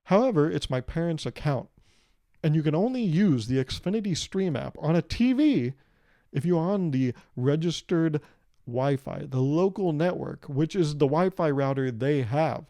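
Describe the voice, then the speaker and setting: A man's voice: fairly high pitch, animated, moderate pace, mellow, no echo, clean studio sound. A young man hosting his own podcast, rambling through a casual, profane and jokey monologue. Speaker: podcast host.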